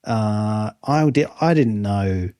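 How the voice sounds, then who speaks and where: A man's voice: fairly low pitch, expressive, takes it slowly, mellow, dry recording. Australian male podcast co-host in his thirties, dry close sound, loose musing delivery. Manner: musing, rambling with restarts. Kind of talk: casual chat.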